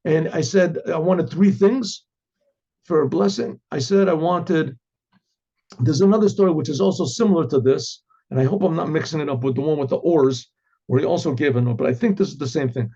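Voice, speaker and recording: A rabbi telling a story in an animated way, acting out the characters' lines with sudden jumps in pitch and often clearing his throat. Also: fairly quick, dull audio. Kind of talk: storytelling talk.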